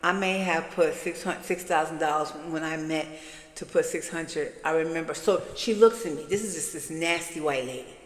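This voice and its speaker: A woman's voice: low voice, moderate pace. A woman telling her story in a casual vlog, rambling and chatty, speaking straight to her viewers. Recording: echoey room with long reverb.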